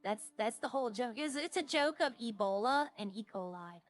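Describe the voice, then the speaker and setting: A woman's voice: fairly high pitch, animated, fairly quick. A woman streaming a roleplay game, chatting casually and jokily to her viewers in a rambling way.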